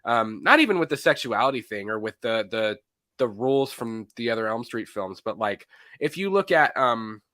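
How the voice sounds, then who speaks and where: Animated, bright-voiced male podcaster. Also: mid-range voice, moderate pace, dry recording. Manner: animated, acts out lines from scenes, laughs often. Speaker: podcast co-host. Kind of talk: casual movie podcast chat.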